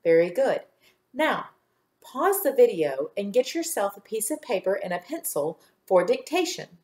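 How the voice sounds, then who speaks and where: A woman teacher giving a recorded phonics lesson for young children, speaking slowly and clearly as she sounds out words and spells them letter by letter. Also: medium pitch, very animated, a little mellow. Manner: slow, clear, patient instruction, sounding out words.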